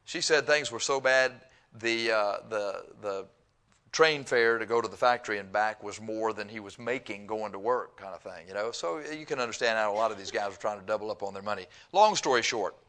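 A middle-aged male pastor in full sermon mode, folksy and animated. He reads out scripture, then slips into long stories, chuckling and taking on the voices of the people he quotes. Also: fairly low pitch, brisk. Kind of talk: sermon with storytelling.

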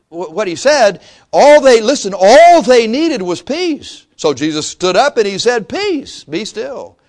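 Man preaching a conversational sermon, slightly high voice. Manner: conversational preaching with frequent restarts and acted-out quotes. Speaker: pastor.

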